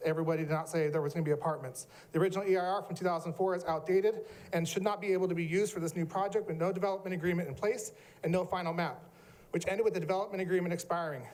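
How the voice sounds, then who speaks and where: A man's voice: sits high, darkish tone. A middle-aged man giving an emotional, earnest public comment at a city planning meeting.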